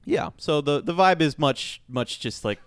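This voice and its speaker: Rambling podcast man with animated pitch. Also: unhurried, smooth, no room sound. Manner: relaxed, rambling, restarts often. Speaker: podcast co-host. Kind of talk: casual chat reviewing a film.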